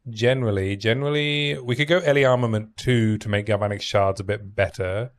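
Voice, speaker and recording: Low-voiced man streaming a game. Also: fairly quick. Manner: thinks aloud, chatty, reads out item stats. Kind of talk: casual gaming stream commentary.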